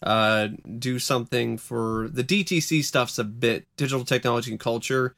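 A young college student co-hosting a podcast, rambling and hesitant, often correcting himself. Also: male voice, medium pitch, moderate pace, creaky, a bit bright. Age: young adult. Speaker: podcast co-host. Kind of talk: casual chat.

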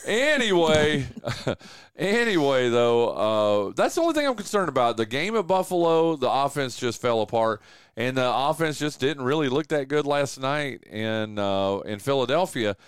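This southwestern Virginia radio host talks sports in a laid-back yet emphatic manner, frequently dropping "dude." He has an expressive, medium-pitched, clean-toned voice at a moderate pace, recorded on a studio mic without room sound.

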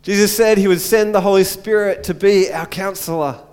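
A man's voice: high voice, steady tone, moderate pace, darkish tone, smooth, faint music behind. Earnest male pastor in a reverberant church. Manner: earnest, repeats phrases and asks rhetorical questions. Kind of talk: sermon.

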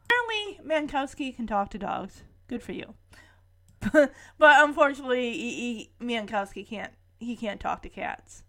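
A woman's voice: a little high, animated, moderate pace, a bit bright. A woman casually recapping a TV episode, with sarcastic, amused asides.

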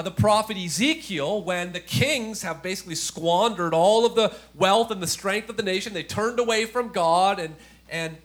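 Guy pastor with a high voice preaching, chatty, asks the crowd questions then gets really emphatic. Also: a bit bright. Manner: conversational preaching with rhetorical questions, building to emphatic peaks. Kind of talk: sermon.

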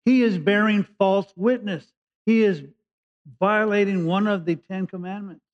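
A man from California preaches a conversational sermon, reading verses and then unpacking them in plain words. His voice sits a little high, and he leans on key words as he goes. The recording is dull and lo-fi. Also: measured pace. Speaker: pastor. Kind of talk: sermon, Bible teaching.

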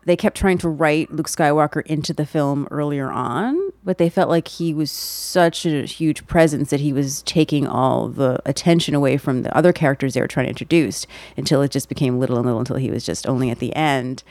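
A woman's voice: low voice, brisk, hardly any pauses, no echo. A woman co-hosting a podcast, chatting casually and restarting her sentences as she goes. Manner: chatty, trails off and restarts, animated when recounting. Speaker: podcast co-host. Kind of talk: casual chat.

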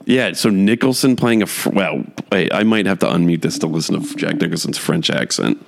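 Man, podcast host, casual solo chat, gravelly low voice, rambling, chuckles a lot. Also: brisk. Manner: rambling, filler-heavy, chuckling often.

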